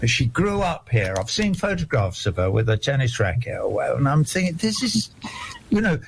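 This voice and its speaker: A man's voice: mid-range voice, big pitch swings, brisk, noisy background. An older man, talking in a rambling, digressive, indignant way during a casual discussion.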